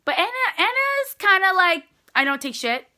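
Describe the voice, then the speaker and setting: A woman's voice: very high voice, big pitch swings, normal speed, bright, forceful tone. A woman who leads a direct sales team, chatting casually and in a rambling way with viewers on a live stream.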